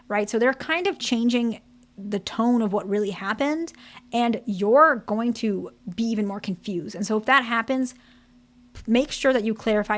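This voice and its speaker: A woman's voice: a little high, moderate pace. A woman therapist giving relationship advice to her viewers, speaking frankly and often checking in with "okay?" and "right?". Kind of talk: relationship advice talk to camera.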